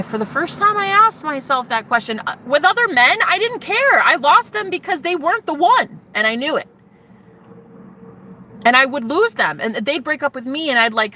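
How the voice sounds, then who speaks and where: Bright and forceful, her mid-range voice carries a casual spiritual vlog in which she talks to viewers. The vlogger is candid and profane, rambling with emotion and frequently interrupting herself to begin sentences anew.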